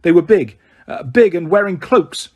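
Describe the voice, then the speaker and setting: A man's voice: sits high, expressive, moderate pace, lo-fi sound, pitched above the performer's own voice. A man voicing a nervous, quavery elderly woman giving witness, gabbling her words.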